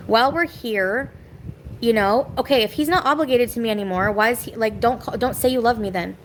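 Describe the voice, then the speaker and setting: Woman, higher register, venting at home on a live stream; rambling, bitter, quick to snap at viewers; slight background noise. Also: poor audio. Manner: rambling, bitter, talks back to chat. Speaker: livestreamer. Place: home kitchen.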